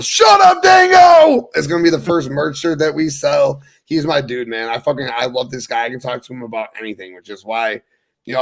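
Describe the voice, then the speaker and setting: A young man hosting a sports podcast, talking loosely and excitedly, with swearing. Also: mid-range voice. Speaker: podcast host. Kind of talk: casual sports talk.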